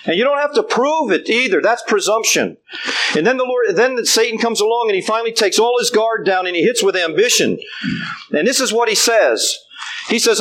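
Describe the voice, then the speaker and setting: A man's voice: extremely high pitch, very animated, normal speed, a bit bright, a little hiss or hum, rough recording. An older man preaching a sermon, emphatic and repeating his refrains.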